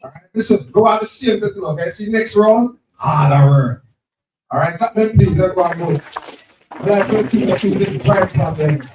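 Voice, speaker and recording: A man, hosting a live spelling game at an event, brisk and teasing, repeating each word. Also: high-pitched, darkish tone. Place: event venue with crowd. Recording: echoey, distant from the mic.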